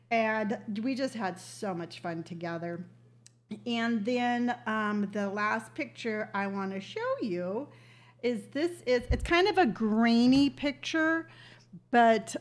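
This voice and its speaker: An older woman with a somewhat high voice talks casually on a webcam livestream. She tells stories in a chatty, heartfelt way. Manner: chatty storytelling, emotional and tearful at moments. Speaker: livestream host.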